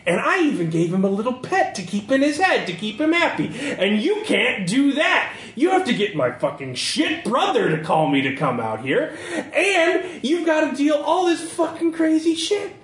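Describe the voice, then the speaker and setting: A man's voice: extremely high pitch, huge pitch swings, moderate pace, hardly any pauses, a bit bright, exaggerated voice. A man voicing a bitter, defiant woman in a tabletop horror game. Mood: scornful. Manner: scornful, ranting. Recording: roomy echo, faint background noise.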